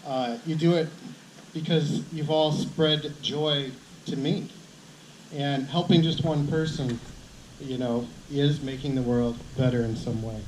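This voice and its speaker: A man teacher giving earnest graduation advice, halting and restarting as he speaks. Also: medium pitch, a little mellow. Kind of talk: graduation speech. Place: outdoor ceremony with crowd. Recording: echoey outdoor sound with background noise.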